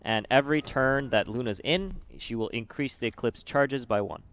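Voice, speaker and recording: A man's voice: medium pitch, normal speed, a bit bright. A man co-casting an esports match on a headset, joking and making playful asides to the audience. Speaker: esports co-caster. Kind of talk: esports commentary.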